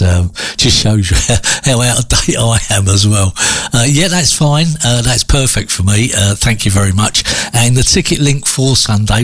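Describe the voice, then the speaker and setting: A man presenting a radio show in a relaxed, chatty way, full of ums and uhs and little chuckles. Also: on the low side, husky, dry recording.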